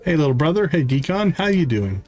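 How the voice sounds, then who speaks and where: A man playing a loud, teasing young brother. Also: on the high side, sing-song, a little fast, faint music behind. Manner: brash, teasing.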